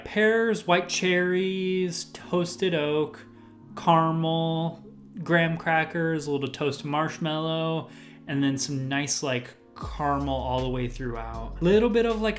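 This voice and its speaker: A man's voice: a little high, unhurried, faint music behind. A man hosting his own whiskey review channel, casually listing tasting notes with lots of "like" fillers. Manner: rambling lists of tasting notes, full of "like" fillers.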